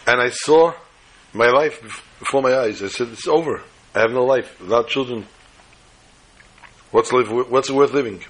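A man teaching a Torah class, telling a story with acted-out quotes and Hebrew terms in a husky voice. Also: medium pitch, moderate pace, pauses often.

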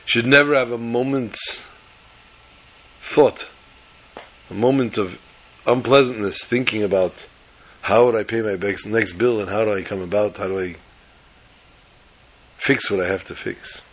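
Rabbi delivering a folksy, emphatic sermon story; husky, raspy tone. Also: male voice, on the low side, steady tone, unhurried, pauses often.

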